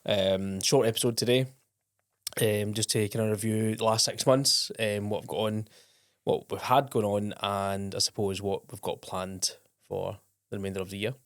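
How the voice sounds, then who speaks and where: Chatty man with a low voice. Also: steady tone, moderate pace, no echo, clean studio sound. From Scotland. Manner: chatty and rambling, many ums and restarts. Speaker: podcast host. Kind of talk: casual podcast chat.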